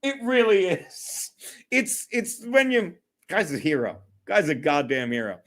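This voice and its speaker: Giggly high-voiced streamer. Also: male voice, a little slow, fairly bright tone. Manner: profane, giggly, rambling. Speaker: livestream host. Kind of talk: casual solo livestream chat.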